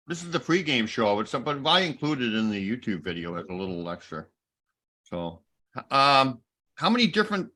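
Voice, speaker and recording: A man's voice: medium pitch, pushed and bright. A man hosting a casual talk show, rambling and joking while he searches for words. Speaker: host. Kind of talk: casual chat.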